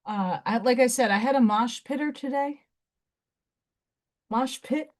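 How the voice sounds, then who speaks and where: A woman's voice: a little high, a little slow. A woman hosting a casual craft livestream from her home, chatty, laughing often and cooing baby talk at her cat. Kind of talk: casual live-stream chat.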